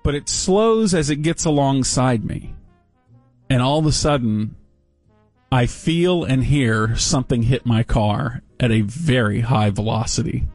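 Wry deadpan man telling a story. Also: mid-range voice, measured pace, no echo, soft background music. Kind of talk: casual storytelling chat.

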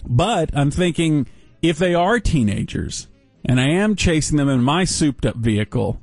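Wry deadpan man telling a story. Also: on the high side, normal speed, no room sound, soft background music. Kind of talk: casual storytelling chat.

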